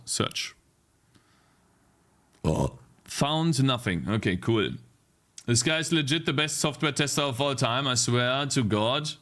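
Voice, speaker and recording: A man talks through his work on a live stream in a casual, mid-pitched voice. He grows exasperated and rants with plenty of swearing. He reads viewers' chat messages aloud and answers them. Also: fairly bright tone. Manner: exasperated, ranting, swearing often. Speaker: game developer streaming live.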